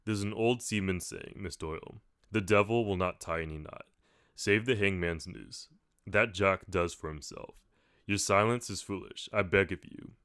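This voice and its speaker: A man voicing a kindly old male sailor who speaks softly and earnestly in an audiobook. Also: sits low, moderate pace, clear, resonant tone, no room sound, clean studio sound. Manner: soft-spoken, earnest pleading.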